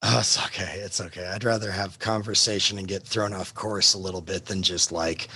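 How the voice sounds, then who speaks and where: A man's voice: sits low, fairly even intonation, brisk, sharp tone, husky. A man teaching history in a casual live class discussion, rambling with many fillers and restarts.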